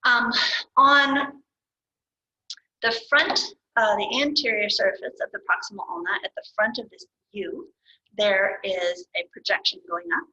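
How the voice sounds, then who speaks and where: A woman's voice: medium pitch, unhurried, bright, forceful tone. A woman teaching anatomy as she draws, patient and thinking aloud, correcting herself now and then. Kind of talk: explaining anatomy while drawing. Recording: dull lo-fi recording.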